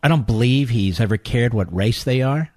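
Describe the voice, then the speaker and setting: A man hosting a talk radio show in a studio, insulting his targets in a ranting, combative monologue that climbs toward shouting. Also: mid-range voice, normal speed, no echo. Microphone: studio microphone.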